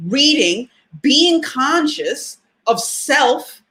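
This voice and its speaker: A woman hosting a casual live talk show for her listeners. She speaks in a fairly high voice that swoops up and down a lot. She is chatty and animated, laughs often and leans on fillers. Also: drawn-out words. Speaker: podcast host.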